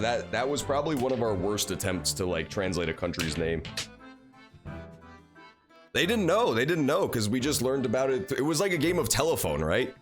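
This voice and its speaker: A young man giving casual, profane, joking gameplay commentary. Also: lowish voice. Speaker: let's play host.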